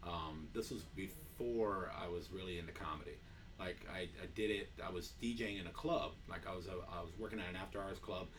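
Man, comedian telling stories, rambling, profane, lowish voice, noisy background. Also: brisk, a bit bright, distant mic. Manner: rambling profane storytelling with many fillers. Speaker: comedian guest. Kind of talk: casual chat.

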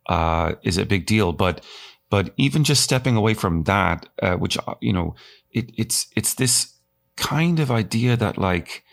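A man hosting an interview who talks in an animated, halting way, stopping and restarting his sentences. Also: lowish voice, gravelly. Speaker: podcast host, professor. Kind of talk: conversational interview.

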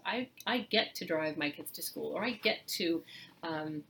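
A middle-aged woman with a slightly low voice, talking through parenting advice in an easy, conversational way. She is earnest and grows animated when she acts out the words a parent might say. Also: moderate pace. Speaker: parenting podcast host. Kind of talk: casual advice talk.

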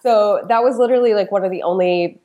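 A woman's voice: medium pitch, quick pace, warm tone, dull audio. A woman, a podcast guest, chatting casually and telling stories with lots of "like" and "you know". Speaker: podcast guest, food blogger. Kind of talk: casual chat.

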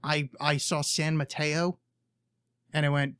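Host, male, slightly high voice, rambling and profane, dry close sound. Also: level tone, a little slow, fairly bright tone, smooth, no echo. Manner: rambling, profane, self-mocking. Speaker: podcast host. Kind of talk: casual chat.

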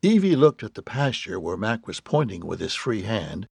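A man narrating an audiobook with wry, deadpan storytelling and a gravelly, husky voice. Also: deep voice, moderate pace, no echo. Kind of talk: scripted narration.

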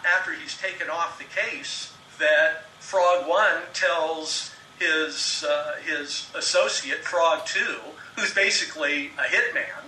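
A man telling behind-the-scenes film stories in a relaxed conversation, often quoting what others said. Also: fairly high pitch, echoey room, recorded from a distance, a little hiss or hum, rough recording. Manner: storytelling, retells anecdotes with quoted dialogue.

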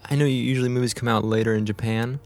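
A man's voice: mid-range voice, fairly even intonation. Joking young man co-hosting a podcast. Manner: joking, quick to chime in. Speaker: podcast co-host. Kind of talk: casual chat.

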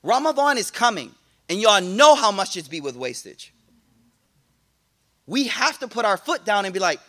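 A man giving a lively religious talk to a congregation, slangy and casual, with frequent restarts and playful asides. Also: high-pitched, moderate pace, pauses often. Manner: animated, playful preaching. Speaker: Islamic teacher.

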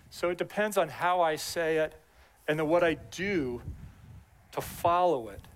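A middle-aged man preaches in a relaxed, conversational way, circling back to repeat his key phrases. His voice sits a little higher than most men's. He drops in personal asides between the readings. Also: measured pace, slight background noise. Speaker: pastor. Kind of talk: sermon.

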